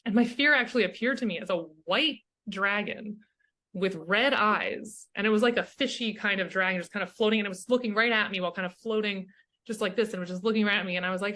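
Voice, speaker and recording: Woman guest, coach type, crisp bright tone, earnest and reflective delivery with frequent check-ins. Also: medium pitch, fast. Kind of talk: casual interview chat.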